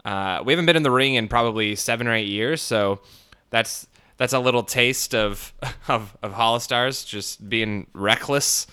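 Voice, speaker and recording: A man's voice: mid-range voice, moderate pace, pushed and bright, clear, resonant tone. A man hosting a podcast solo, rambling with many fillers and crude jokes, talking through a swollen split lip. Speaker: podcast host. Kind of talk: casual podcast monologue.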